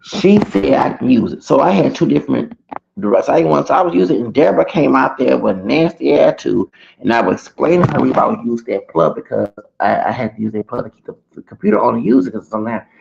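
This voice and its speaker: A man's voice: mid-range voice, lively intonation, fast talker, creaky, darkish tone, highs cut off, a little hiss or hum. A man telling a rambling, profane story on a casual livestream through a computer mic. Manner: rambling, profane, repeats himself.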